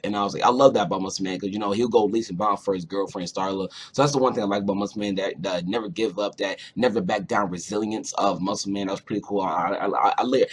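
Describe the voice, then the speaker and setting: A young man's husky, low voice rambling through a casual cartoon review. He swears freely and keeps circling back with fillers. He sounds loose and unpolished, with a grainy edge to every word. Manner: rambling, profane, lots of fillers. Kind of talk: casual episode review vlog.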